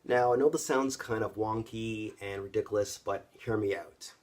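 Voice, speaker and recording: A man's voice: fairly low pitch, normal speed, a little mellow. A man of about fifty from Canada telling a personal story to camera in a conversational way, speaking straight to his viewers. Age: around 50. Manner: conversational, addresses viewers directly. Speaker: vlogger.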